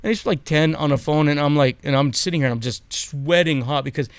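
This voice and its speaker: A man from Hawaii co-hosting a podcast, chatting casually and giving shout-outs to sponsors. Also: fairly high pitch, fairly quick, clear, resonant tone, no room sound. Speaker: podcast co-host.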